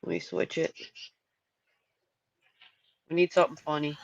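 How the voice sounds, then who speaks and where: A woman's voice: deep voice, level tone, measured pace, creaky. Chatty woman on a lo-fi livestream. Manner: chatty, rambling, repeats words. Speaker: livestream host. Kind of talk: casual livestream commentary.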